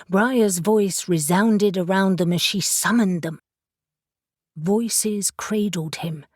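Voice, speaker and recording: A woman narrating an audiobook in a steady, deliberate reading voice. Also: mid-range voice, no echo, clean studio sound. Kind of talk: scripted narration.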